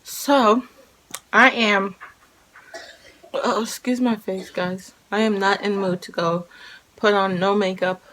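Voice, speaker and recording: Slow-talking Jamaican mom vlogging. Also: female voice, mid-range voice, fairly even intonation, slight background noise. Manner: rambling, repeats herself, talks in bursts with sudden loud calls. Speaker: family vlogger. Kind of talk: casual vlog chat to camera. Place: at home, indoors.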